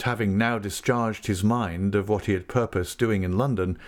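Male audiobook narrator, measured, expressive, lively melodic reading. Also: on the low side. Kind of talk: scripted narration.

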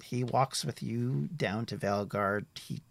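A man narrating as game master of a tabletop role-playing game, relaxed and meandering. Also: mid-range voice, slow, creaky.

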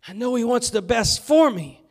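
A man preaching a sermon as pastor in a church, fervent and swinging from loud to hushed. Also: very high voice, lively intonation, normal speed. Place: church sanctuary.

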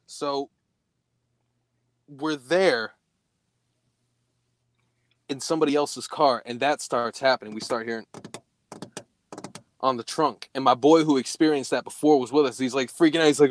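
A man's voice: normal speed, pauses often, no room sound. Profane young man telling a ghost story. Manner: profane, animated, voice jumps high when quoting himself. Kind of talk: casual storytelling.

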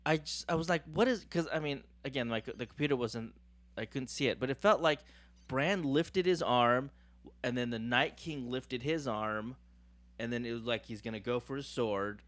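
An enthusiastic co-host chats casually about a TV episode and keeps chiming in with agreement. The voice sits mid-pitch and the sound is dry and close. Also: normal speed, fairly bright tone, dry recording. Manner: enthusiastic, frequent agreeing interjections. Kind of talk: casual chat recapping a TV episode.

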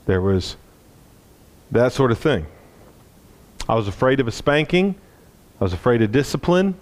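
A man preaching a sermon, telling a personal story in an earnest way and dropping low and soft at tender moments. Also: big pitch swings, moderate pace.

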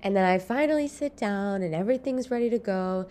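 A woman's voice: mid-range voice, fairly quick, warm tone. A woman hosting her own podcast, talking from home in a chatty, rambling way and laughing often. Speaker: podcast host. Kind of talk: casual solo podcast monologue. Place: home, early morning.

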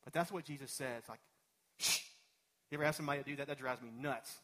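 A man's voice: mid-range voice, rapid-fire, fairly bright tone. A man preaching a sermon in a church, talking in a conversational, digressive way with personal asides. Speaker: pastor. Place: church sanctuary.

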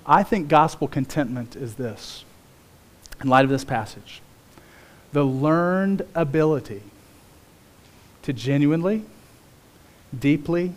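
A man preaching a sermon as pastor, telling stories in an animated way with big swings in pitch. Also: takes it slowly, pauses often.

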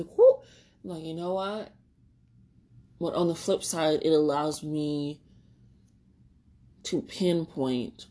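Low-voiced woman, solo podcast host, candid and rambling, swears and laughs, tearful at times. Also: warm tone. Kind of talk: reflective solo podcast monologue.

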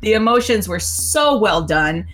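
A woman co-hosting a casual podcast chat, excitable and swearing often, filling her talk with "like". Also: medium pitch, measured pace. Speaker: podcast co-host. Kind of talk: casual chat about a video game. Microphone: desk microphone.

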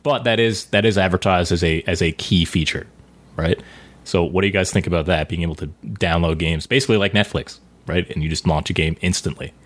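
A man's voice: sits low, a little fast. A man hosting a casual chat, leading the discussion and asking the others for their opinions. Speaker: podcast host.

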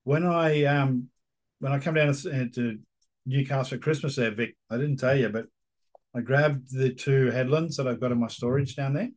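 A relaxed Australian man talking in a casual podcast chat. He swears offhandedly and drifts from story to story. His voice sits at an ordinary pitch. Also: normal speed. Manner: laid-back, swears casually. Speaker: podcast co-host. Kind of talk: casual chat over whisky.

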